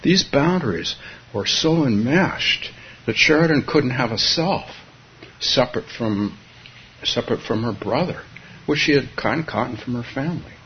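A man's voice: medium pitch, lively intonation, normal speed, slight background noise. A man from California giving a Zen dharma talk, musing aloud with frequent chuckles and restarts. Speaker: Zen teacher. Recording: dull lo-fi recording.

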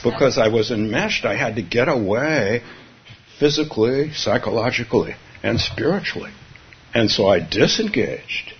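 A man's voice: mid-range voice, animated, moderate pace. A man from California giving a Zen dharma talk, musing aloud with frequent chuckles and restarts. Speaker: Zen teacher. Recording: dull lo-fi recording.

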